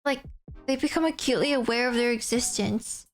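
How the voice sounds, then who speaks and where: High-voiced giggly young woman streamer. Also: a little fast, faint music behind. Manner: rambling, giggly, animated storytelling. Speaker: livestreamer. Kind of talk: casual stream chat.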